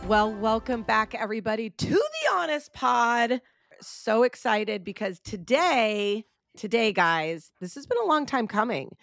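A woman's voice: on the high side, very animated, a little slow, vocal fry, a bit bright, no room sound, soft background music. A young adult woman hosting a podcast, chatting casually with her guest, laughing often and talking straight to her listeners. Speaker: podcast host. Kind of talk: casual chat.

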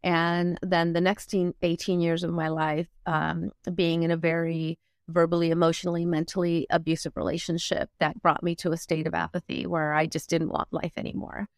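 A woman, a motivational speaker and coach, telling her life story candidly in an interview, earnest and reflective with frequent pauses. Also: fairly low pitch, flat delivery, dry recording, studio quality.

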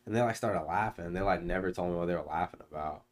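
A man's voice: low-pitched, fast. A young man co-hosting a podcast, telling laid-back, profane stories and mimicking his family's voices in casual chat. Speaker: podcast co-host.

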